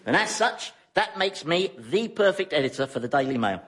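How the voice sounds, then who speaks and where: A blustering man who barks orders in a bossy, pompous way. His voice sits slightly high. The recording carries a clear bed of background noise. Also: very animated, moderate pace. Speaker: newspaper editor character. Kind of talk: sitcom acting.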